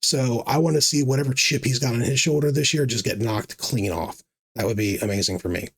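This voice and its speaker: A man's voice: medium pitch, fairly quick, husky. A man rambling through casual commentary, sarcastic and teasing, full of fillers and restarts. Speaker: fantasy sports video host.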